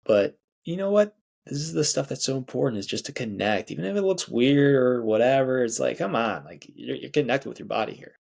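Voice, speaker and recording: A man's voice: medium pitch, expressive, brisk, creaky, few pauses, darkish tone. A man hosting his own show, leading a casual, chatty guided body scan meditation with sighs and small laughs. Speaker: podcast host.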